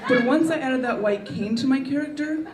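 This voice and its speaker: A woman's voice: sits high, a little fast, heavy background noise. Woman doing standup, dry wry delivery, echoey club, crowd laughing, a bit far from the mic. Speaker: stand-up comedian. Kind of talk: stand-up routine. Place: comedy club.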